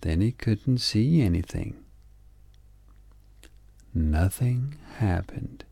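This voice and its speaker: A man reading a children's story aloud in slow, measured storybook narration. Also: fairly low pitch, lively intonation, creaky, warm tone, dry recording.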